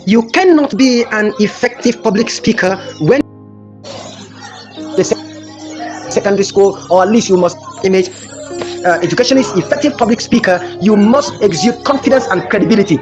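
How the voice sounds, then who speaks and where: A man's voice: high-pitched, lively intonation, normal speed, over music. A man giving a workshop lecture to teachers, emphatic and repetitive, telling classroom stories. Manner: emphatic, repeats phrases, tells classroom stories. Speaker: teacher trainer.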